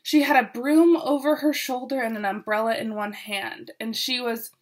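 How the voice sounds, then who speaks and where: A woman reading a picture book aloud to children, expressive and with asides to her listeners. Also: a little high, normal speed. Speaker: storyteller.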